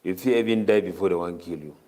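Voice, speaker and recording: Cameroonian pidgin preacher man, lowish voice, rattles off arabic verses fast then explains. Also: mellow. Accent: Cameroonian Pidgin English. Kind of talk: Ramadan tafseer sermon.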